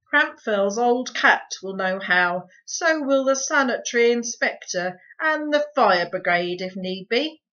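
A woman's voice: a little high, lively intonation, measured pace, few pauses, voice pushed up. A woman putting on a harsh, cruel housekeeper. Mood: menacing. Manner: harsh, loud, spitting insults. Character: cruel scolding middle-aged housekeeper woman. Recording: dull lo-fi recording.

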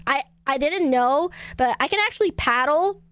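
Giggly high-voiced young woman streamer. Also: lively intonation, normal speed, fairly bright tone. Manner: giggly, crude storytelling. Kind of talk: casual stream chat.

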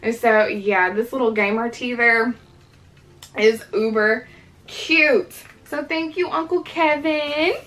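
A young woman in late pregnancy, out of breath and breathy, chatting to viewers in a casual unboxing vlog. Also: fairly high pitch, a bit bright, slight background noise, rough recording. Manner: chatty, addresses viewers as "you guys". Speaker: vlogger.

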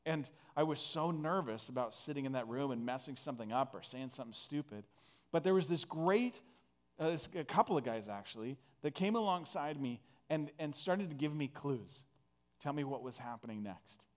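A man's voice: a little high, animated, normal speed. Earnest man preaching a casual sermon. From northern Alberta, Canada. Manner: earnest, conversational, many restarts. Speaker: pastor.

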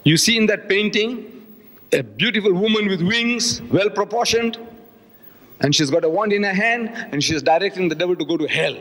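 A man's voice: lively intonation, normal speed, fairly bright tone. Older man lecturing impassionedly in a hall. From South Africa. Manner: impassioned, rising to emphatic peaks then dropping low. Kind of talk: public religious lecture. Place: large town hall. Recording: long hall reverb.

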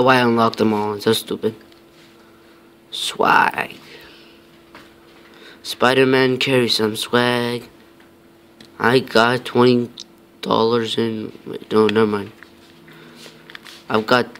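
A man's voice: mid-range voice, fairly bright tone, a little hiss or hum. A man giving casual, rambling commentary over his own gameplay, talking to himself with many fillers and mock-tough lines.

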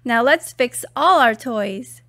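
A woman's voice: on the high side, animated, slow, sharp tone, exaggerated voice. A woman voicing a small playful boy in a storybook, speaking in simple, childlike lines. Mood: cheerful.

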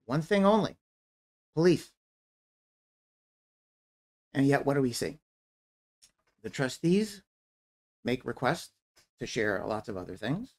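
Man, blunt, critical, public comment, lively up-and-down pitch, repeats himself. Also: slow pace, pauses often. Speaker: resident commenter. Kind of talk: public comment at a town forum.

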